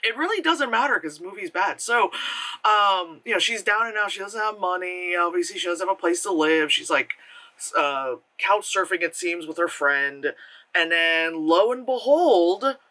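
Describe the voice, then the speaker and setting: A man's voice: sits high, moderate pace, pushed and bright, poor audio. An American man in pain, reviewing a movie in a rambling, sarcastic way, often interrupting himself and laughing. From United States.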